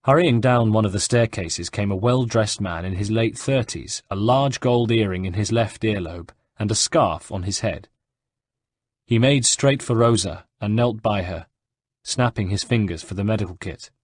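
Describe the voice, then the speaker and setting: A man reading an audiobook in a measured, even storytelling manner. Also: lowish voice, no echo. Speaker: audiobook narrator. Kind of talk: scripted narration.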